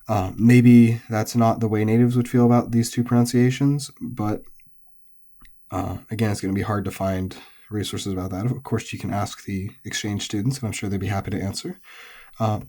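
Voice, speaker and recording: Casting note: man, lower-pitched, mellow tone, a relaxed language teacher talking through vocabulary with frequent fillers. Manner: relaxed, explains step by step with many ums and uhs. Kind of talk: recorded pitch-accent lesson.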